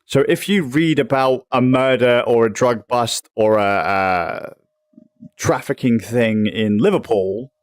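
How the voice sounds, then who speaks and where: A man's voice: medium pitch, slow pace. A young man from England ranting in casual chat on a livestream, swearing freely and rambling. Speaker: livestream host.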